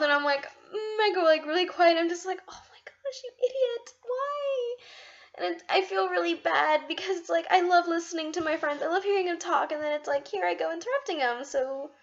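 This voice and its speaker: A woman's voice: sits high, fairly bright tone, muffled recording. A young woman in a casual vlog monologue, bubbly and rambling, poking fun at herself. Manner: bubbly, rambling, self-deprecating. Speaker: vlogger.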